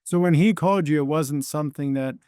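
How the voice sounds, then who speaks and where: A man's voice: a little high, a little fast, darkish tone, clean tone, no room sound, studio quality. A man moderating a webinar, asking short questions to draw out the speaker's story. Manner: brief, prompting questions. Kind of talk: interview questions.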